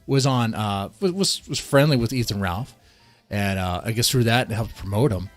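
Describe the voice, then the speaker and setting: A male streamer ranting to his chat with heated, profane outbursts, repeating lines and tripping over restarts. His pitch sits in an ordinary middle range. Soft music plays underneath. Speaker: streamer reacting to a video. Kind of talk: casual live-stream rant.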